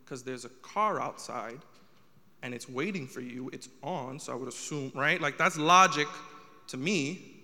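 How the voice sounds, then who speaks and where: A man's voice: mid-range voice, measured pace, sharp tone, big-room sound. A young man doing a stand-up comedy set, telling a story with rising exasperation.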